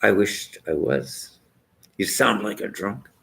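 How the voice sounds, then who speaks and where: Gravelly older Irish man ranting. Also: lowish voice, expressive, takes it slowly, a bit bright. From Ireland. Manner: rambling, abrasive, jokey. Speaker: vlogger. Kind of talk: rambling rant to camera.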